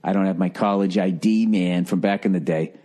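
A man's voice: sits low, steady tone, fairly quick, warm tone. A man hosting a podcast, telling a rambling story in a profane, wry, self-mocking way. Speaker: podcast host. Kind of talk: casual rambling monologue.

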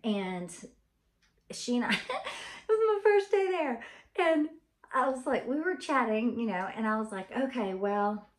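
Recorded in an echoey room, this Southern-accented vlogger from Arkansas sounds tired as she chats her way through a rambling story with lots of "ums." Her voice sits high with big pitch swings, at a measured pace with long pauses.

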